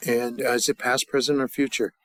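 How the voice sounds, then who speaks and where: A man gives a loose, joking grammar lesson, stumbling over words and restarting often. His voice sits in a middle pitch range. The sound is dry and close, with no room around it. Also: little pitch movement, fairly bright tone, no echo. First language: English. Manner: halting, many restarts and fillers, joking asides. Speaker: language teacher.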